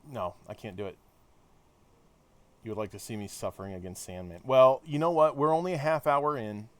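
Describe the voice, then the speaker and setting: A man's voice: mid-range voice, brisk. A man casually commenting on a game he plays live, chatting with his viewers and thinking aloud. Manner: chatty, talks to chat, thinks aloud with restarts. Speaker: streamer.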